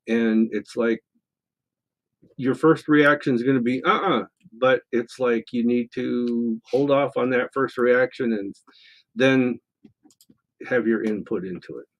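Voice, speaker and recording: A man's voice: mid-range voice, measured pace. Rambling man co-hosting a call-in show. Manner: relaxed, rambling, with many fillers and restarts. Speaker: psychic radio show co-host. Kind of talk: casual call-in chat, reading listener questions.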